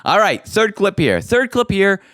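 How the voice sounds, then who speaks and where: A man's voice: high voice, sing-song, measured pace, a bit bright, no echo, studio quality. A man hosting a podcast interview, enthusiastic and given to repeating his phrases. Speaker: podcast host. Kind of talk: interview chat.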